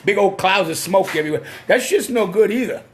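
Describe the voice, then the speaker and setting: A man's voice: high-pitched, expressive, fairly quick, slight background noise. A man with a Boston accent hosting a casual live stream, ranting and swearing when he gets worked up, through a computer mic.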